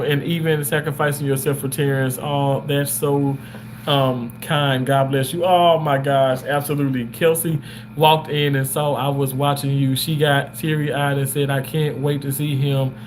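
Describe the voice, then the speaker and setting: A man's voice: fairly high pitch, slight background noise. A man hosting a casual livestream from a hotel room, reading viewer comments aloud and thanking people over and over in emotional, gushing, religious phrasing.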